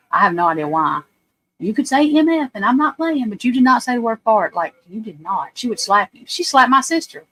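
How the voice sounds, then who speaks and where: A fairly bright, mid-range voice comes through a low-quality recording as a woman in her forties hosts a livestream. She chats casually with viewers, her stories rambling, blunt and full of profanity.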